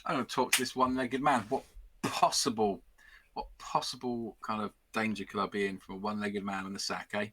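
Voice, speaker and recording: A man's voice: on the low side, fairly even intonation, a little fast, pushed and bright, husky. A man playing along in a gamebook stream, cracking sarcastic, swearing quips. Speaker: player. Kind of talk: casual banter during a live stream.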